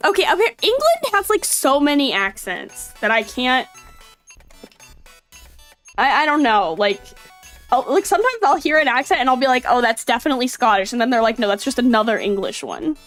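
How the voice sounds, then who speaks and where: A woman chatting casually on a live stream, rambling with lots of fillers over faint background music. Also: high voice. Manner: rambling, filler-heavy, animated.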